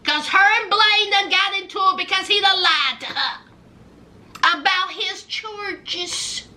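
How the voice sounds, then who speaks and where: A woman with a Southern twang giving a sassy, animated recap of a reality TV show, calling her viewers honey and baby. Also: extremely high pitch, takes it slowly. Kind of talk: casual recap commentary.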